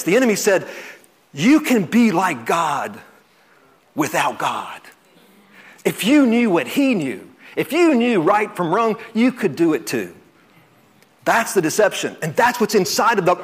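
A man preaching a sermon, earnest, repeating words and swinging from loud emphasis to soft, slow passages. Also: high-pitched, slightly rough.

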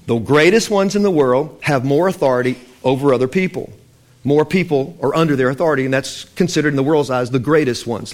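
A man preaching a sermon in a loose, conversational way, acting out the voices of Bible figures as he tells the stories. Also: a little high. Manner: loose and conversational, with restarts and fillers.

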